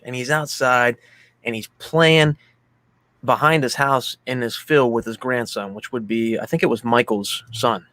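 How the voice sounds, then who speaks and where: A man's voice: mid-range voice, a bit bright, no room sound. A man from Pennsylvania co-hosting a casual movie chat, rambling through a heartfelt story with many fillers. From Pennsylvania, USA. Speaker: podcast co-host.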